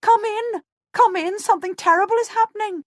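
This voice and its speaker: A woman voicing a frightened young serving woman who screams high, urgent pleas. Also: brisk, dry recording, studio quality. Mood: panicked.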